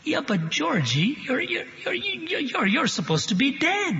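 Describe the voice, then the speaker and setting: A woman's voice: sing-song, measured pace, fairly bright tone, full character voice. A man puts on a mother in shock, her voice leaping up in a stammering squeal. It rings out with a long hall echo on a dull broadcast. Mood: stunned. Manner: stammering, shrill disbelief. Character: shocked mother of a grown daughter.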